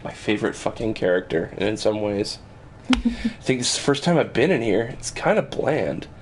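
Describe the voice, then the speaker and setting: A man's voice: on the low side, very animated, normal speed, slight background noise. A man streaming a game, giving casual commentary with wry, profane asides, over game music. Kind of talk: casual let's-play commentary.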